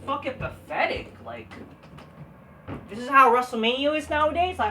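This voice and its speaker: A woman's voice: high voice, sing-song, a little slow, long pauses, pushed and bright, recorded from a distance, slight background noise. A woman reviewing a wrestling show in a profane, exasperated rant, swearing constantly and mocking wrestlers in sing-song quotes. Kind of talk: profane ranting commentary.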